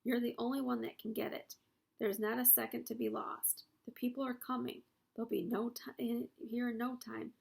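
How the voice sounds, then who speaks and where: A woman's voice: on the high side, flat delivery, normal speed, vocal fry, darkish tone, breathy edge, heavily acted. A woman voicing an anxious young male pig, earnest and pleading, in a storybook reading.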